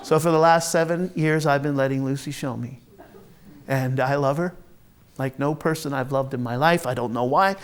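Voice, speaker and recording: A man's voice: medium pitch, normal speed, smooth. A man performing an autobiographical one-man stage monologue, wry, confessional and blunt, with frequent profanity. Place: theatre stage.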